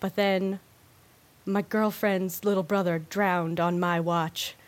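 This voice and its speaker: A woman's voice: fairly low pitch, fairly even intonation, takes it slowly. A woman voicing a nervous former lifeguard, pleading that nobody believed him. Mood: insistent.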